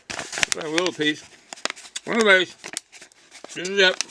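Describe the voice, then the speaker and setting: An older man reviews a beer and a snack in a casual home video, first reading a package blurb aloud and then chatting loosely as he chews. His high-pitched voice is fairly even in intonation and a little slow. The recording is very noisy.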